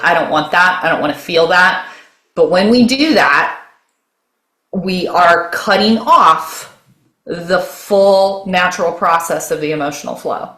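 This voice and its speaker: A woman's voice: lowish voice, fairly bright tone. A woman speaking as a guest mentor, explaining her method in conversation, often restarting phrases and checking in with "okay?". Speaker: guest, nervous system mentor. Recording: roomy echo.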